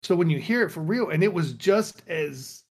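A man's voice: on the high side, animated, moderate pace. A man co-hosting a gaming podcast, chatting casually and animatedly telling stories with quoted voices. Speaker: podcast co-host. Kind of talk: casual chat.

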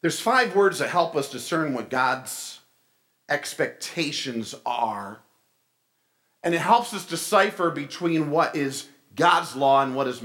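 A male pastor preaching a sermon in a church, animated and asking his congregation questions. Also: medium pitch. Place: church sanctuary.

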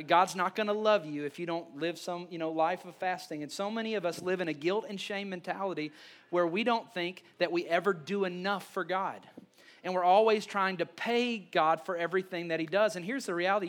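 A man, a pastor preaching a sermon, telling stories with lively restarts and repeated words. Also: sits high. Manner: animated storytelling with quick restarts.

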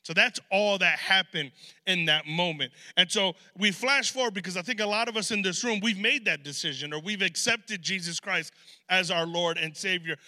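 A man preaching a sermon to a gathered audience, talking conversationally and telling animated stories with asides, in a large hall. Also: high voice, moderate pace. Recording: long hall reverb.

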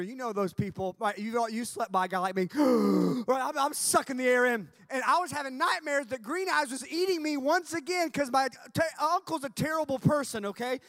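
Male youth camp speaker, high-pitched, comic storytelling sermon, dead-dry sound. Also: no echo. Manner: animated, jokey storytelling with shouted punchlines.

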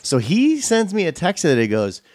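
A man's voice: high-pitched, wildly swooping pitch, moderate pace, a little mellow, no echo. Middle-aged man, casual podcast co-host, rambling and profane, plenty of fillers and false starts, dry close sound. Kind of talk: casual storytelling chat.

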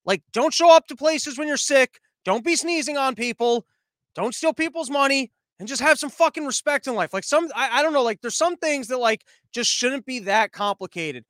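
Host type: American guy, high voice, profane sarcastic rant, dry close sound. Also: lively intonation, moderate pace, a bit bright, no room sound. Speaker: commentary show host. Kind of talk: ranting commentary monologue.

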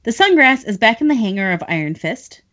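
A woman hosts a book podcast, running through plot points in a chatty, laughing way. Her middle-pitched voice moves up and down a lot. The recording is dull and lo-fi. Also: sing-song, brisk, fairly bright tone. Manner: chatty, laughs often between lines. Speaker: podcast host summarizing chapters. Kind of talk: casual book recap.

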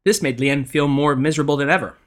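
A man narrates a scripted ghost story for a podcast. His reading is measured and expressive, and his voice sits a touch higher than most men's.

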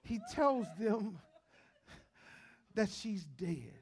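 High-voiced pastor preaching with humor. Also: male voice, sing-song, drawn-out words, husky. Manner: humorous storytelling, swings from joking to quiet earnest preaching. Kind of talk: sermon.

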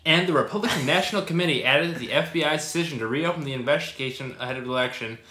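A man's voice: fairly high pitch, rapid-fire, sharp tone, reverberant. A young man co-hosting a casual podcast, reading news passages aloud and joking around in between. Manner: loose, joking, reads article passages aloud. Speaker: podcast co-host.

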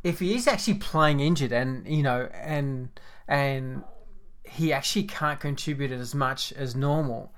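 A man's voice: medium pitch, unhurried, a bit bright. A man with an Australian accent co-hosting a podcast, chatting casually about football with frequent restarts and fillers. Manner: rambling, many restarts and filler words. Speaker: podcast co-host. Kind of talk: casual footy chat.

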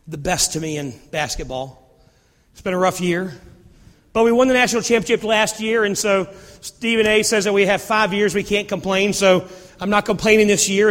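In a church sanctuary with long hall reverb, a high-voiced male pastor delivers a sermon. His preaching is animated, broken up by playful asides to the congregation.

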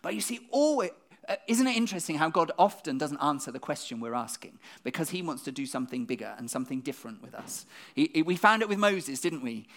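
A preacher talks to the congregation in a brisk, conversational sermon. The voice sits mid-range and keeps throwing out rhetorical questions. Words often come twice as thoughts restart. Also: medium pitch, expressive, fairly bright tone. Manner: repeats words when restarting.

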